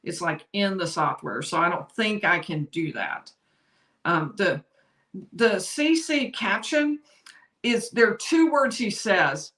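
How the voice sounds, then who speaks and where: A woman's voice: mid-range voice, sing-song, takes it slowly, fairly bright tone. A woman giving chatty legal commentary on a live stream, laughing easily and apologizing for tech slips. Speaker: lawyer commentator. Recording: roomy echo.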